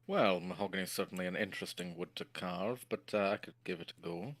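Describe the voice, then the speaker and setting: Casting: man as calm fatherly craftsman, very low voice, dry close sound, careful and deliberate. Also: no room sound. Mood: measured. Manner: measured, thoughtful, asks clarifying questions. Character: fatherly adult male woodcarver, patient and careful. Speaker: tabletop game player. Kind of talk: in-character tabletop role-play.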